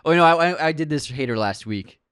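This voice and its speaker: Lachender Podcast-Moderator mit trockenem Klang. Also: male voice, a little high, lively intonation, brisk, fairly bright tone, clear, resonant tone, no echo, studio quality. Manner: laughs often, reads listener comments aloud. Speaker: podcast co-host. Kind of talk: casual podcast banter and movie review.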